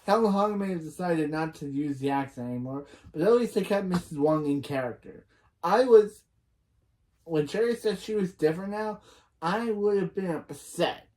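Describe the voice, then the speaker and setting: Here a reaction reviewer with a mellow, medium-pitched voice and moderate pace gives a laid-back, scene-by-scene rundown of a TV episode. Lines are retold one at a time, with repeated restarts for corrections and personal opinions sprinkled throughout.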